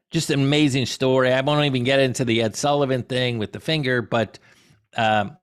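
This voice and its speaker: Digressive storytelling man. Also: medium pitch. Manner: animated, digressive storytelling with restarts. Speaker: comedy historian guest. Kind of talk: conversational Q&A talk.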